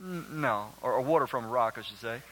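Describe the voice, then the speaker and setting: Bright-voiced man preaching a sermon. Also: mid-range voice, a little fast, rough recording. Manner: asks the congregation questions; emphatic and earnest. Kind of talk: sermon with Bible reading.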